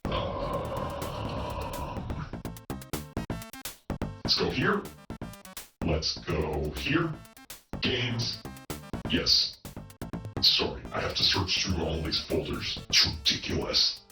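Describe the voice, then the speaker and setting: A man streaming retro games through a voice changer that pitches him down into a deep male cyborg, chatting casually and cracking jokes. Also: wildly swooping pitch, extremely slow, pauses often, echoey room, far from the mic, music in the background, heavily acted. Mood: wry. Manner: casual, wisecracking game commentary.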